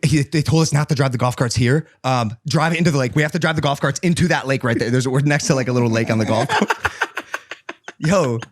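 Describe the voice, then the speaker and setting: A young man co-hosting a podcast, telling a story in a casual, animated way with lots of swearing. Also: mid-range voice, fast, no room sound, clean studio sound. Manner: animated, swearing, acts out voices in stories. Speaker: podcast co-host. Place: podcast studio.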